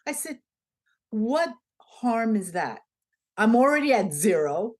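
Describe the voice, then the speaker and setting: A woman's voice: a little high, unhurried. A woman being interviewed, telling a story in a conversational way and acting out the dialogue as she goes. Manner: animated, acts out the dialogue in her stories. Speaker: interview guest.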